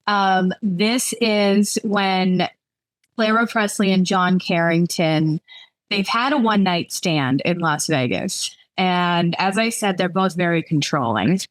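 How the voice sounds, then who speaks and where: A woman author with a fairly low voice, chatting candidly and reading from her own novel. She is self-deprecating and laughs easily, and the sound is dry and close with no room echo. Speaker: romance author.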